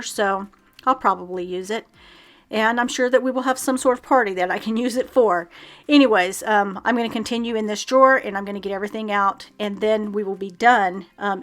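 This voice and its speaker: A woman's voice: mid-range voice, fairly bright tone. Chatty middle-aged woman with a lilt. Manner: chatty, with frequent ums and self-laughing asides. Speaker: home declutter vlogger. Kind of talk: casual how-to voice-over.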